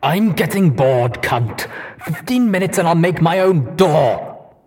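A man's voice: a little high, lively intonation, slow, a little mellow, slightly rough, voice pushed up, heavily acted. A man reading an audiobook, voicing a huge, cruel and impatient male raider pony who snarls and bellows. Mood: sneering. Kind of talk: audiobook character voice.

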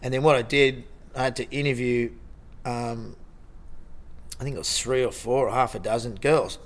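A man's voice: medium pitch, moderate pace. Australian lifeguard man telling stories. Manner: rambling, animated retelling with mimicked dialogue. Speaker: lifeguard on a TV show. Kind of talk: casual storytelling interview.

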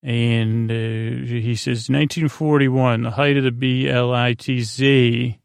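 A man hosting a sleep podcast, retelling an episode in a meandering, hesitant way with many pauses and restarts. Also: mid-range voice, fairly even intonation, gravelly, clean tone, dry recording, clean studio sound. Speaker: podcast host.

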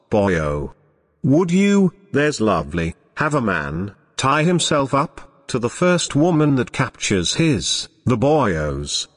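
A man's voice: mid-range voice, husky, in a large hall, exaggerated voice. A man doing an overblown fake Welsh accent. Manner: overdone, sing-song, affected. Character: hammy actor faking a stagey Welsh accent.

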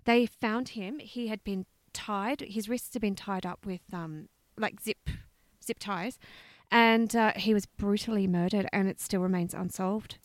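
A woman co-hosting a casual chat, telling stories in an animated way, swearing freely and laughing as she goes. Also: medium pitch, measured pace, no room sound. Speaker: podcast co-host.

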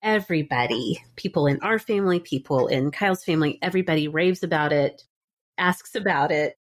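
A woman's voice: deep voice, brisk. A woman in her thirties hosting a podcast, chatting casually and laughing often. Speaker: podcast host. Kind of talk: casual chat.

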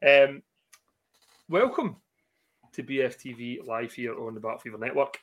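A man's voice: medium pitch, lively intonation, measured pace, a bit bright. A Scottish man hosting a football fan podcast, swearing and joking as he introduces his guests over a video call. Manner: sweary, laughs a lot, jokey. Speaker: podcast host. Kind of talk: casual fan podcast chat.

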